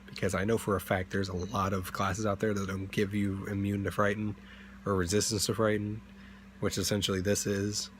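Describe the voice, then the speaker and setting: A man's voice: on the low side, little pitch movement, moderate pace, slight background noise. A young man hosting a tabletop game channel, chatting casually in a rambling way, full of fillers and self-corrections. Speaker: D&D channel host.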